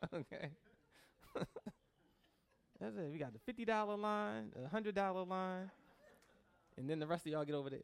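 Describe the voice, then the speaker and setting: A man's voice: high-pitched, sing-song, moderate pace, pauses often, smooth. A man preaching a sermon as pastor, joking with the congregation and mimicking people in a loose, conversational way.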